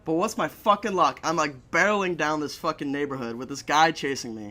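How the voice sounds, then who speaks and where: A man's voice: a little high, a little fast, pushed and bright. A young man telling a story in a casual chat, swearing a lot and laughing between lines. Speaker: podcast guest.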